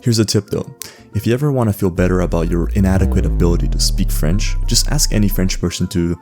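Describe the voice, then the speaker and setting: A young Canadian man hosts a comedic voice-over explainer for a language-learning video, his voice low, quick and darkish. He's sarcastic and joking, often laughing mid-sentence, over faint background music.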